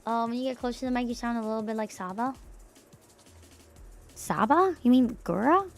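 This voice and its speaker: Young woman VTuber, raspy and tomboyish, a bit high-pitched, loose and chatty on a home desk mic. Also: moderate pace, soft background music. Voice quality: slightly raspy, tomboyish rasp. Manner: chatty and loose, swears casually, laughs often. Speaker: VTuber streamer. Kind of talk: casual livestream chat, reading out chat messages. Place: home room. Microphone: desk streaming mic.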